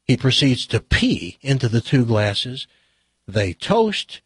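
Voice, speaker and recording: A middle-aged man hosting a talk show, chatting casually and telling stories and jokes in an animated way. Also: medium pitch, takes it slowly, breathy edge, dry recording, clean studio sound.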